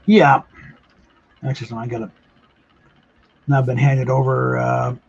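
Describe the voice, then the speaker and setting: Husky man chatting while gaming. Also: mid-range voice, level tone, unhurried, muffled recording. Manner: laid-back, swears at the game. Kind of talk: casual chat while gaming.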